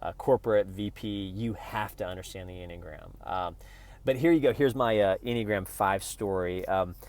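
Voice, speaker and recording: A man's voice: low-pitched, normal speed, a little mellow. A man from Oklahoma talking casually to camera in a rambling, playful travel vlog, full of restarts. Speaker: vlogger.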